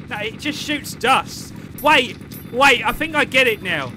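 A young British man streaming a game live, joking with his chat and reacting loudly to what happens on screen. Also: very high-pitched, very animated, unhurried, soft background music.

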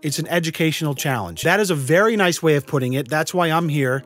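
Male commentary host, slightly high voice, sarcastic and blunt, light music bed. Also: expressive, fast talker, fairly bright tone. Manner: sardonic, swears casually, laughs in disbelief. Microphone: studio microphone.

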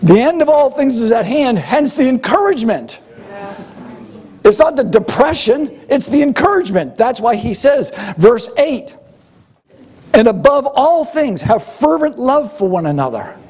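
Older male pastor, high husky voice, lively delivery. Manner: animated, acts out grumbling voices with humor. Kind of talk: sermon.

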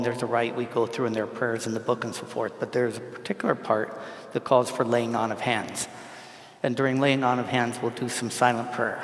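Gravelly priest in an echoey church. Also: male voice, medium pitch. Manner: conversational, repeats words, asks the congregation questions. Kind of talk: informal homily at Mass. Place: large church. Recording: echoey church with long reverb.

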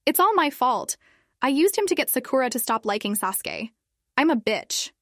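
A woman plays an upset, blunt teenage girl, heavily acted and pitched above her own voice, letting out whiny, exasperated outbursts that sound distraught. Her voice is high and fairly bright, swinging widely in pitch at a moderate pace. The recording is dry and studio quality.

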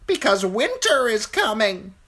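A man voicing an eerie, commanding three-eyed crow in a storybook reading, with a shrill, very high voice. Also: sing-song, measured pace, pushed and bright, slightly rough, heavily acted. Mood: ominous.

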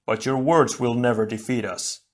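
A man voicing a solemn steady hero. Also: mid-range voice, normal speed, natural voice. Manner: calm, even, solemn.

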